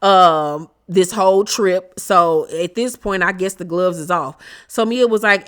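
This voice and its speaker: A woman hosting a casual reality TV recap, sassy and animated, talking straight to her viewers. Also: on the low side, measured pace, hardly any pauses, clear, resonant tone.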